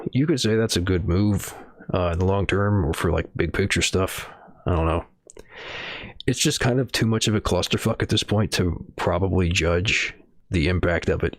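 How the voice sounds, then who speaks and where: Deep-voiced man rambling on stream. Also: no echo, studio quality. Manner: rambling, profane, hedging with fillers. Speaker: streamer reading news. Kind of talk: casual live-stream commentary.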